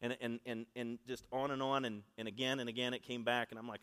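A man's voice: mid-range voice, little pitch movement, brisk, fairly bright tone, clear, resonant tone. A man preaching a sermon in a conversational, storytelling way, asking the congregation to repeat after him. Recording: long reverb of a large hall.

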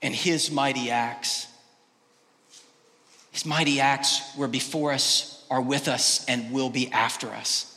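A male pastor preaching a sermon, swinging between loud, emphatic exclamations and quiet, hushed lines. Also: mid-range voice, steady tone, takes it slowly, big-room sound. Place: church sanctuary.

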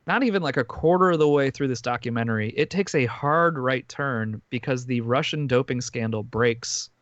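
A man's voice: mid-range voice, moderate pace, fairly bright tone, dry recording, dull audio. A man on a podcast, casually recapping a documentary in a rambling way, full of fillers and restarts. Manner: rambling, filler-heavy storytelling with frequent restarts. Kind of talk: casual chat.

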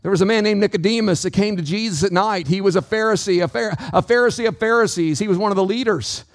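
A man with a high voice preaches a sermon from the pulpit, calling out to his congregation. His delivery swings in pitch and pace, and his voice sounds dry and close. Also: fast, dry recording. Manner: preaching with call-outs to the congregation. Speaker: pastor.

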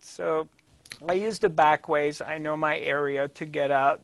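Creaky-voiced man telling a calm spiritual story. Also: a little high, no echo. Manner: calm, halting, with many fillers. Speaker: spiritual teacher.

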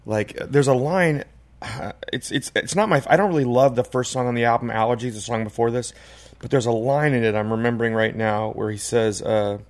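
A man's voice: mid-range voice, steady tone, brisk. A man in casual podcast chat, talking in a reflective, rambling way with many "like" and "you know" fillers. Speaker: podcast co-host.

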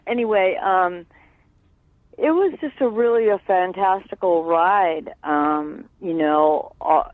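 A man's voice: on the high side, no echo. A man recalling old memories in an interview, rambling with many fillers and tagging on "right?". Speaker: guest. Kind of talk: reminiscing interview. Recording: tinny phone line.

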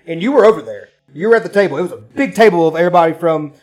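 A man telling a story in casual chat, animated and profane, acting out what people said. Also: sits high, racing. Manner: profane, animated, acts out quotes.

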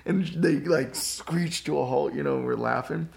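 A man co-hosting a church podcast, chatting casually and telling animated stories. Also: on the high side, normal speed, vocal fry, hardly any pauses. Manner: animated storyteller. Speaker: podcast co-host. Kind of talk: casual chat.

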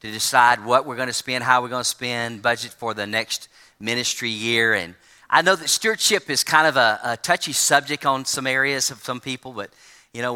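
A man's voice: medium pitch, bright, forceful tone, clear, resonant tone. A male pastor preaching a sermon, telling a folksy story to his congregation. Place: church sanctuary. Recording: long church reverb.

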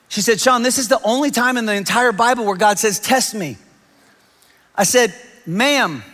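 Guy preaching in a big church, slightly high voice, long echo off the walls, acts out the people he quotes. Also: a little slow, pauses often. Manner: animated storytelling, quoting others in raised voices. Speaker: pastor. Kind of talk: sermon. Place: large church hall. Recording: long hall reverb.

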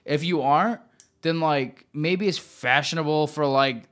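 A man's voice: a little high, a bit bright. A young man co-hosting a podcast, chatting casually and rambling with lots of fillers. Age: young adult. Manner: rambling, fast, filler-heavy talk. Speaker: podcast co-host. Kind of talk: casual chat.

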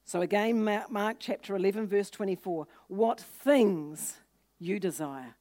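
A woman's voice: measured pace, mellow. A woman preaching a sermon, teaching earnestly and acting out scripture scenes with lifted voices for quoted speakers. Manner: voices quoted people with lifted pitch and force.

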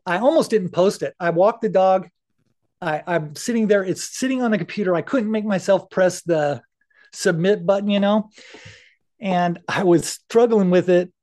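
Middle-aged male guest, high voice, candid and earnest, casual cusser. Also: darkish tone. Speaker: podcast guest. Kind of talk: casual interview talk.

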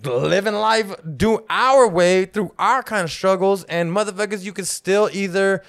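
A man's voice: sits high, measured pace, vocal fry, a bit bright, smooth. A man co-hosting a casual podcast chat, speaking in loose slang, cursing freely and repeating words as he works toward his point. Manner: loose slangy talk, swears freely, stumbles over repeated words when making a point. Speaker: podcast co-host.

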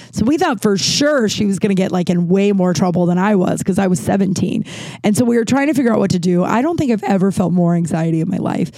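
A woman's voice: fairly low pitch, dark tone, dry recording. A woman casually telling a personal story at home, rambling with many fillers and restarts and swearing now and then. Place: at home with a cat nearby.

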